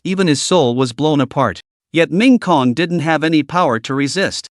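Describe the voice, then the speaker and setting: A man's voice: fairly high pitch, dry recording, studio quality. A man narrating a dramatic fantasy story recap in a scripted, storytelling manner.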